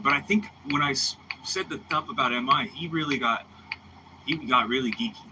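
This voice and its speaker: Rambling, animated storytelling man. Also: mid-range voice, fairly quick. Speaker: bassist telling backstage stories. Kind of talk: casual chat. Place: studio room. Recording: clearly noisy background with ticking.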